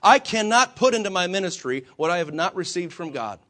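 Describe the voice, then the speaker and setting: A man's voice: high voice, very animated, brisk, fairly bright tone. A man preaching a sermon to fellow believers, swinging his emphasis and asking rhetorical questions. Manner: acts out quoted voices of himself and the Lord. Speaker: pastor.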